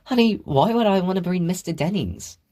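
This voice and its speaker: A man's voice: high-pitched, lively intonation, a little fast, voice pushed up. A man voicing an affectionate, fretful mother who coaxes her daughter. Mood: amused. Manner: warm, coaxing, fretful talk.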